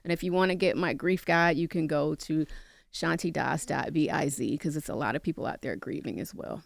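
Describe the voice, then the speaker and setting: A woman's voice: low voice, fairly quick, gravelly, no echo. A woman guest on a radio show, talking earnestly and passionately, urging her listeners directly. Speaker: guest, mental health advocate. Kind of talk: earnest interview talk. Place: radio studio.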